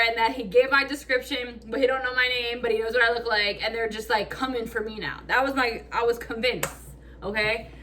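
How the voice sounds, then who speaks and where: Animated, bright-voiced woman telling a story. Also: fairly high pitch, brisk, slight background noise. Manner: animated, acts out quotes, frequent "like" fillers; swears freely, casual slang. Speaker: vlogger.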